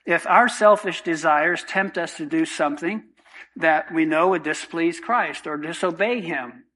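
A man's voice: on the high side, measured pace, a bit bright, low-quality recording. A man preaching a sermon, earnest and emphatic, repeating key points and asking rhetorical questions. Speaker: pastor.

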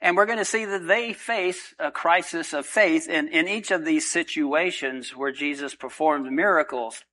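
Bright-toned man preaching a sermon. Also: on the high side, rough recording. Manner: unhurried, earnest, frequent filler pauses. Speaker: pastor.

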